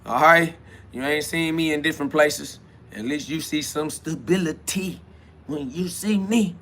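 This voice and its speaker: A man hosts a solo podcast, talking to himself in a loose, slangy, rambling way. His voice sits a little high and sounds bright and forceful. He drifts between preaching and laughing asides. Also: measured pace. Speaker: podcast host. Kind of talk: solo self-talk monologue.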